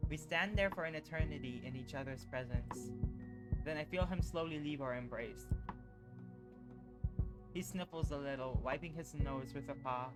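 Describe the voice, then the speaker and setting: Man reading a visual novel aloud. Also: fairly high pitch. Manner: expressive, slowed reading. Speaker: streamer. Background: background music.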